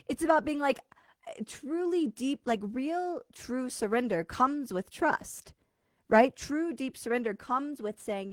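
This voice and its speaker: A woman's voice: fairly high pitch, normal speed, no room sound. A woman speaking as a spiritual coach in a live-streamed talk, casual and blunt, often checking in with her listeners. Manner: emphatic, direct, keeps checking in with "okay?"; casual and blunt, swears now and then.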